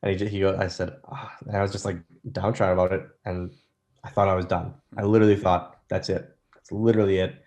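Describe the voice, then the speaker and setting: In a laid-back interview, a man in his thirties who used to wrestle recalls his career through anecdotes. His voice is fairly low and he talks fast, animatedly performing the lines of the people he quotes.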